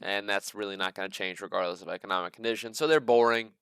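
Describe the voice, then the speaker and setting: A man's voice: fairly low pitch, steady tone, fast, fairly bright tone, clear, resonant tone, dry recording, clean studio sound. A man hosting a casual stock market commentary, rambling through earnings reports with joking, sarcastic asides. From American Midwest. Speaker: stock market channel host.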